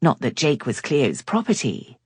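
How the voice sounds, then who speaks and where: A woman narrating a romance novel in measured storytelling, recorded on a close studio mic. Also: extremely low pitch, wildly swooping pitch, darkish tone, breathy edge, dry recording. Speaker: audiobook narrator. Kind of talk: scripted narration.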